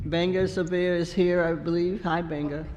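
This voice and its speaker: A man's voice: high voice, level tone, moderate pace, a little mellow, long reverb tail, highs cut off. A man taking roll call at a community board meeting, plain and polite.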